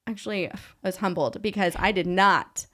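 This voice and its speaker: A woman hosting a podcast, telling a personal story in a casual, animated way and acting out the dialogue she quotes. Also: mid-range voice, moderate pace. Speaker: podcast host.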